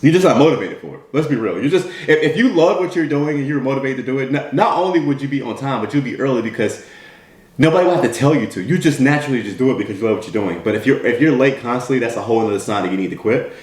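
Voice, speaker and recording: A man's voice: medium pitch, expressive, fast, darkish tone. Direct, repetitive American man coaching. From United States. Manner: direct, repetitive, keeps asking "right?". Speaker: motivational speaker. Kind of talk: motivational talk. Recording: roomy echo.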